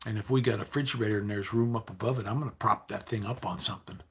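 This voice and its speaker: An older man chatting casually to his livestream viewers, weary and low on energy, rambling and grumbling with many restarts. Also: steady tone, racing. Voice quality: gravelly, raspy. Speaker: livestream host.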